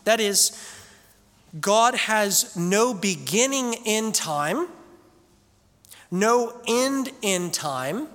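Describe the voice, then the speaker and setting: High-voiced pastor preaching in a hall. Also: male voice, animated, fairly bright tone. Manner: conversational storytelling that slows into emphatic scripture reading. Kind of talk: sermon. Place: church sanctuary. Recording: echoey church hall.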